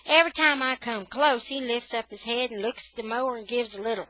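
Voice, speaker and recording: A woman reading a children's novel aloud for English learners, with steady, expressive storytelling. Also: on the high side, brisk, few pauses, dry recording.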